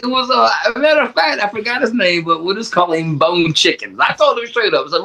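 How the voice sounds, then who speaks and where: A man with a high, bright voice tells stories on a casual podcast. His pitch swings widely as he acts out both sides of a conversation. He bursts into shouts for the dramatic parts. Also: fairly quick, creaky, hardly any pauses. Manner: animated storyteller, acts out quoted dialogue with shouts. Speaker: podcast co-host. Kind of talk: casual chat.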